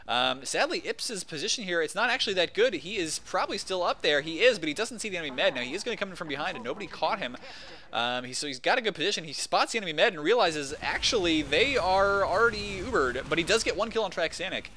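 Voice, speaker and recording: A man shoutcasting a competitive video game match, excitable and casual, rambling between calls. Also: sits high, quick pace. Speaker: esports shoutcaster. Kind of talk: play-by-play game commentary.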